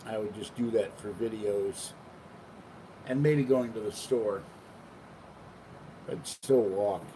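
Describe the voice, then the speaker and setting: A man's voice: fairly low pitch, slow pace, warm tone, far from the mic. Older man rambling at home. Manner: meandering, chatty, talks to his cats. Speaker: vlogger. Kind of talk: rambling casual vlog. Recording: noisy home recording.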